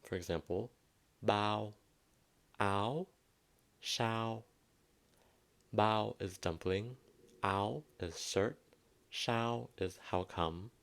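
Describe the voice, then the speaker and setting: A man with a Southwestern Vietnamese accent giving a pronunciation lesson, repeating each word slowly and carefully. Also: deep voice, creaky. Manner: slow, careful teaching, repeats words for emphasis. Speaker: language teacher.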